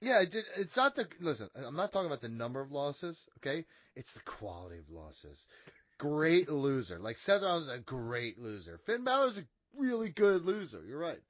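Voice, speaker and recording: A man's voice: fairly high pitch, very animated, moderate pace, a bit bright, no echo, muffled recording. A man co-hosting a wrestling podcast in casual chat, joking, teasing and swearing freely. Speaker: podcast co-host.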